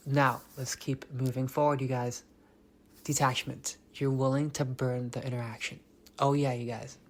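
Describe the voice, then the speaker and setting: A man's voice: mid-range voice, flat delivery, moderate pace. A man hosting a motivational podcast alone, talking intensely, repeating key lines, swearing and sometimes dropping almost to a whisper. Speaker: podcast host.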